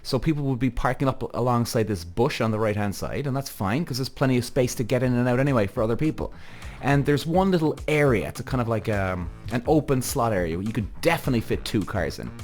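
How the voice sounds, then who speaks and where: A man's voice: medium pitch, expressive, fast, a little mellow, faint music behind. A man hosting a podcast, telling a story in an exasperated rant full of swearing. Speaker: podcast host. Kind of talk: ranting podcast monologue.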